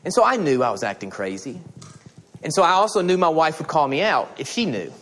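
A man's voice: fairly high pitch, a little fast, a little hiss or hum. A middle-aged man preaching a sermon, telling stories and acting out the dialogue in them. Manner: animated storytelling, acting out dialogue. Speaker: pastor.

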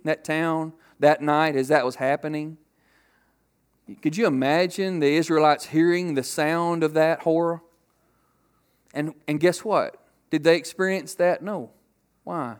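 A man preaching a sermon to a congregation, asking rhetorical questions and acting out loud quotes. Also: on the high side, clean tone. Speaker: pastor.

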